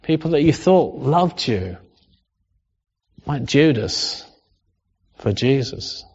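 A man's voice: medium pitch, slow, breathy edge. Man preaching in a reverberant hall. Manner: conversational, rising into animated emphasis. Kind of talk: sermon. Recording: dull sound with long hall reverb.

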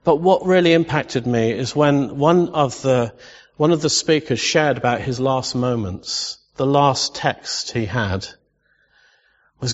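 A man preaching a sermon as pastor, impassioned, rising to loud exclamations and sometimes emotional. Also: mid-range voice, slow, long pauses. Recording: dull lo-fi sound with long reverb.

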